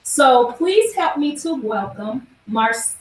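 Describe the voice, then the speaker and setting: An American woman hosting a live wellness event, animated and leading the audience through a repeated phrase. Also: fairly high pitch, takes it slowly. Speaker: event host. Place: large echoey event room. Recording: echoey room, voice from afar.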